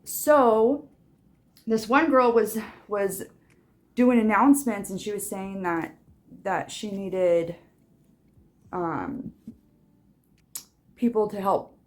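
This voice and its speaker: A woman's voice: mid-range voice, takes it slowly, pauses often. A young woman talking casually in a vlog, chatty and rambling, with frequent restarts. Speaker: vlogger.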